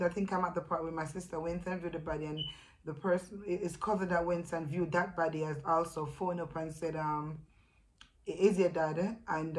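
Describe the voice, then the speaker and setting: A woman with a Jamaican accent talks straight to her viewers in a personal vlog, her voice sitting a little low. She tells her story in a halting, emotional way, breaking off and starting her sentences again. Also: poor audio. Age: adult with a young son. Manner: halting, emotional, with many restarts. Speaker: vlogger.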